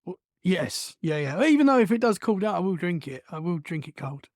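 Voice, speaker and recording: A woman's voice: lowish voice, very animated, brisk, darkish tone, dry recording, studio quality. A British woman co-hosting a casual podcast chat, easygoing and laughing often. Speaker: podcast co-host.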